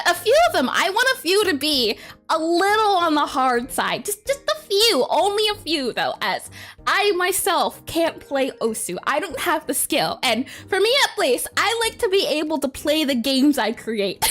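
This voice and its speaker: A woman's voice: extremely high pitch, a bit bright. A woman streamer chatting casually on a livestream, bubbly and giggly, doubling up her greetings.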